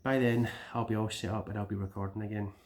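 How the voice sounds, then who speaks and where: A man's voice: on the low side, fairly even intonation, fast, darkish tone. Rambling Scottish man vlogging. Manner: rambling, with repeated words and restarts. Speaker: gaming YouTuber. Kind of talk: casual vlog update.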